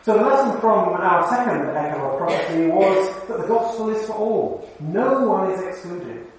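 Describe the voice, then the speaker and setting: High-voiced male preacher in echoey church. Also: animated, moderate pace, a little hiss or hum. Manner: conversational, asks the congregation questions. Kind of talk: sermon. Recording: very echoey hall, mic far off.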